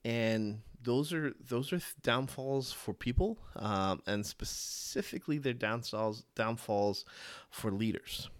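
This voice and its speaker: A man talks through his ideas on a solo podcast, his voice sitting slightly low. The sound is dry and close, with no room around it. He hesitates often, circling back with fillers and restarts before landing each point. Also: clear, resonant tone, no echo. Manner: halting, many fillers and restarts; acts out quoted voices with sudden high pitch jumps. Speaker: podcast host. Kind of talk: solo podcast monologue on leadership.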